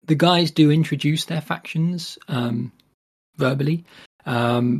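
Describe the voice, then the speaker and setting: A man hosting a podcast with a casual intro. He talks haltingly and leans on lots of fillers. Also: fairly high pitch, gravelly, breathy edge. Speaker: podcast host.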